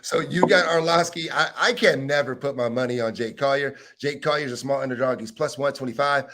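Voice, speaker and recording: Young male co-host, mid-pitched, quick bantering fight-pick chat. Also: background noise. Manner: quick banter with casual swearing, picks fights. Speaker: podcast co-host. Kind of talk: casual sports chat.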